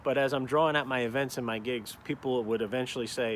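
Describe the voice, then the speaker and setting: This upstate New York caricaturist and vlogger talks fast, at medium pitch with fairly even intonation, over a little hiss or hum. Broadcasting live from outside in a cold town, he chats to viewers, rambling and swearing casually.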